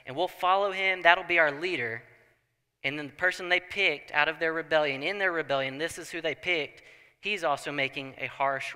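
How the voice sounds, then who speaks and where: A young man preaching a sermon in a church, telling the story with animated asides and acting out people's thoughts. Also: fairly high pitch, clear, resonant tone. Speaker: pastor. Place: church sanctuary. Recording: long church hall reverb.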